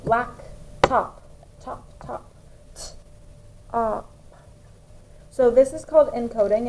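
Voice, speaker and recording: A young woman teaching first grade, explaining summer practice steps to parents and slowly sounding out words. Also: mid-range voice, warm tone, a little hiss or hum, rough recording. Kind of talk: instructional walkthrough for parents.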